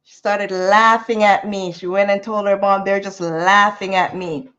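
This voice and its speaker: A woman's voice: medium pitch, unhurried, highs cut off. A woman telling a story casually in a vlog, repeating phrases and laughing between them. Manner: repetitive, laughing, animated storytelling. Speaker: vlogger.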